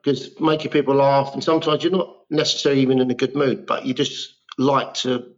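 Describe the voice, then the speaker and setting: Male, 50s, mid pitch, self-deprecating raconteur, lo-fi sound. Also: fairly even intonation, a little fast. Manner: rambling self-deprecating storytelling. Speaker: guest actor. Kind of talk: casual interview chat.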